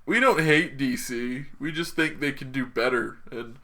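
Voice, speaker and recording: A man's voice: mid-range voice, moderate pace, sharp tone. A man co-hosting a podcast, rambling through a film recap in casual chat, joking and acting out the characters' lines. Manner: rambling, joking, acts out quotes in voices. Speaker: podcast co-host.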